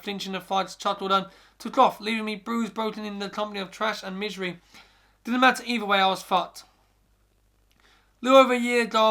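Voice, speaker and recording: Podcast host reading horror, stumbles often, bright tense voice, high pitch. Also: male voice. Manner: first-person narration with frequent stumbles and restarts. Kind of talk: reading a scary story aloud.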